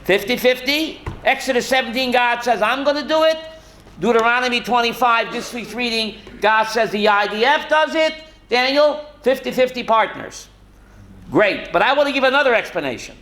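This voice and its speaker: A rabbi teaching a Torah class to students, animated and full of rhetorical questions. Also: male voice, very high-pitched, normal speed. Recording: roomy classroom echo.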